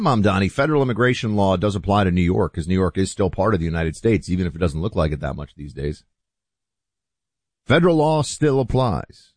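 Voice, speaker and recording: A man hosting political talk radio who speaks forcefully and sarcastically and acts out little stories. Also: low-pitched, no room sound. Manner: forceful, sarcastic, animated storyteller. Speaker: radio host.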